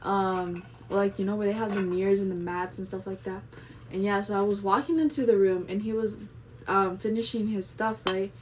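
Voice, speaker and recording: A woman's voice: medium pitch, steady tone, normal speed. Chatty young woman rambling with fillers. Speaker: vlogger. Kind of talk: casual monologue vlog. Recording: voice a bit distant from the mic.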